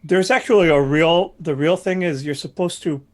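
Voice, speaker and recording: A man's voice: a little high, moderate pace. A man chatting casually between tabletop game scenes, joking and rambling as he explains things.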